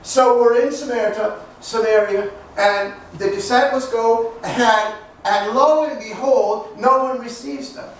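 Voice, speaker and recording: A man's voice: extremely high pitch, measured pace, few pauses. A male pastor preaching a sermon in a joking, conversational way, asking the congregation questions and answering back. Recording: echoey hall picked up from a distance, faint noise.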